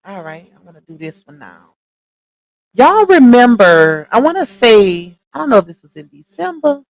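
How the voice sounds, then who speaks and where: A woman's voice: on the high side, sing-song, normal speed, rough recording. A woman hosting a casual livestream, chatty, calling her viewers y'all and stopping often to dig up screenshots. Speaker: livestream commentary host.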